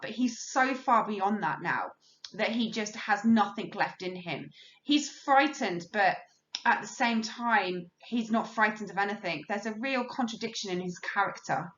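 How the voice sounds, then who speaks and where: A woman's voice: mid-range voice, fairly bright tone. A woman teacher explaining a play in a recorded lesson, reading quotations aloud and talking through their meaning in plain, explanatory language. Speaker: English teacher. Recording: roomy, dull lo-fi sound.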